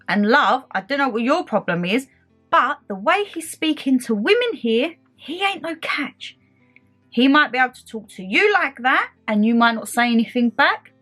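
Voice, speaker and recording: A young woman, telling a story in a casual, animated and indignant way. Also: medium pitch. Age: young adult. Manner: animated, indignant retelling with quoted back-and-forth. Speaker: beauty vlogger.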